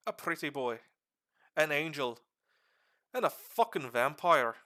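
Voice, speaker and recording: A man streaming live and explaining game lore to a friend in a casual, animated way with casual swearing. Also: on the high side, unhurried, long pauses.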